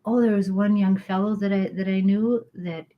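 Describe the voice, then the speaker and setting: Chatty woman reading calmly aloud. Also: medium pitch, highs cut off. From Irish heritage, not accent. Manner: chatty, slows into calm measured reading. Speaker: co-host reading spiritual texts. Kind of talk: casual chat and reading aloud.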